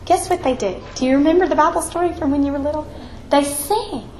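A woman teaching a women's Bible study, telling the story with animated flair and then leading a prayer in a church room. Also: sits high, fast. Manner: animated storytelling, acts out quoted voices. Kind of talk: Bible lesson and closing prayer. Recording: echoey room with faint background noise.

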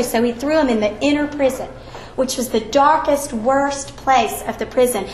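A woman teaching a women's Bible study, telling the story with animated flair and then leading a prayer in a church room. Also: high-pitched, normal speed. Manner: animated storytelling, acts out quoted voices. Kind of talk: Bible lesson and closing prayer. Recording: echoey room with faint background noise.

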